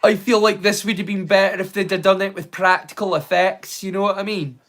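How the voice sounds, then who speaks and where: High-voiced Scottish man rambling on stream. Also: steady tone, brisk, fairly bright tone. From Scotland. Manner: rambling, sweary, self-mocking. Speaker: live stream host. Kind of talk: casual watch-along chat.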